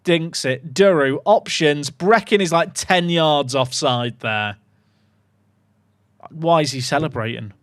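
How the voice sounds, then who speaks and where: A young man streaming a football management game, commentating casually with sarcastic, excitable swings. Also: fairly high pitch, slow, no room sound, clean studio sound. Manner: animated, sarcastic, swings between excitement and mock despair. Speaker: gaming streamer.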